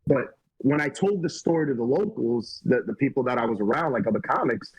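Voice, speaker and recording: A man's voice: mid-range voice, fairly quick, husky, no room sound, low-quality recording. A man from Puerto Rico with a Puerto Rican accent, a comedian telling stories animatedly in a casual podcast chat and swearing a lot. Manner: animated storyteller, swears often.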